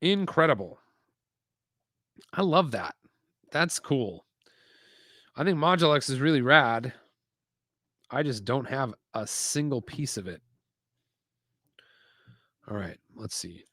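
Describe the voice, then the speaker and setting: A man in the middle of his range hosts a relaxed live build from his desk, chatting and rambling as he goes. He reads viewer comments aloud between thoughts. The sound is dry, with little room in it. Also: mid-range voice, takes it slowly, pauses often, dry recording. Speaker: live-stream host building toy sets. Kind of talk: casual live-stream chat. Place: home desk setup with screens.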